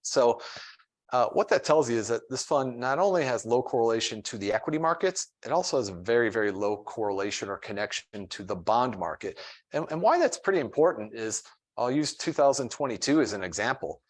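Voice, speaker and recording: Male presenter, mid-pitched, plain-spoken seminar explainer with casual fillers. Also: expressive, brisk. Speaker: financial advisor presenting a fund.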